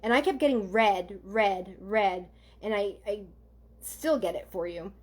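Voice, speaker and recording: Woman, psychic medium, live online reading, gentle, halting, mid-range voice. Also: mid-range voice. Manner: halting, gentle, addresses viewers directly with many ums and okays.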